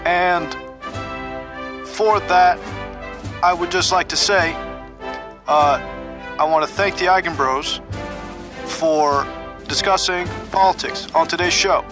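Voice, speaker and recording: Brief: laid-back man, high voice, unhurried, joking podcast intro, filler words. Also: over music. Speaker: guest introducer. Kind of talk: casual spoken introduction.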